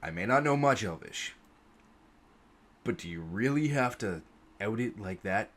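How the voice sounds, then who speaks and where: A man voicing a gruff older male guild leader in a tabletop game, growling low and teasing. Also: animated, unhurried, a bit bright. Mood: scolding.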